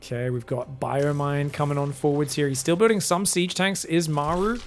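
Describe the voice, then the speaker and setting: A man casting a live strategy game match, analytical and quick to yelp with excitement at big plays. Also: slight background noise. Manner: excitable, breaks into high yelps at big plays. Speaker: esports caster.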